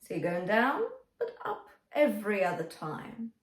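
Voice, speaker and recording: A woman's voice: medium pitch, sing-song, unhurried. A woman vocal coach teaching a singing lesson, often checking in with "okay?" as she explains technique. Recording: echoey room with faint music.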